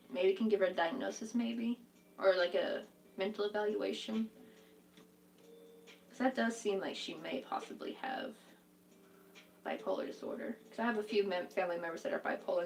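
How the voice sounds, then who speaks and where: A woman's voice: medium pitch, gravelly, recorded from a distance. A young woman hosting a crochet live stream, chatting casually and reacting to viewers' comments, saying "like" a lot. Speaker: crochet livestream host.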